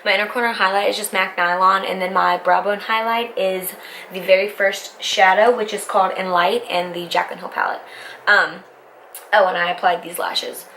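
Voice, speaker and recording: A woman's voice: mid-range voice, level tone, normal speed, sharp tone, low-quality recording. Young woman rambling through a makeup tutorial at home, chatty, keeps breaking off mid-sentence, faint hiss behind. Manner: rambling, self-interrupting, talks while applying makeup. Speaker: beauty vlogger. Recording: faint background noise.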